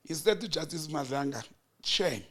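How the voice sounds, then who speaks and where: A South African man with a fairly high voice tells the story of a hearing blow by blow. He jumps into the quoted lines with sudden lifts in pitch and emphasis. He keeps it conversational, like a commentator thinking aloud. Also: expressive, moderate pace. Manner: storytelling, acting out quoted exchanges with rising emphasis. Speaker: political commentator. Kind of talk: animated political chat recounting a hearing.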